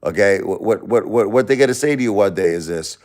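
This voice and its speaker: A fast-talking man with a lively voice, a livestream host reading chat, rants at one commenter. He's angry, profane and repetitive, lecturing and insulting, jumping between loud outbursts and low muttering.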